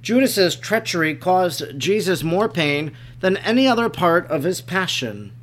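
A man narrating a devotional text in a measured, even reading. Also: high voice.

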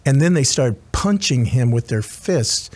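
A man's voice: medium pitch, animated, unhurried, darkish tone. A man preaching as a chaplain, retelling a scripture story earnestly with frequent restarts and asides. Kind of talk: sermon.

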